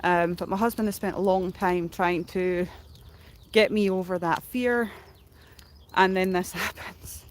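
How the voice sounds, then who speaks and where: A woman's voice: lowish voice, steady tone, unhurried, slight background noise. A middle-aged woman, casually retelling a story on a livestream in a rambling way full of fillers, likes and ums. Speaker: streamer.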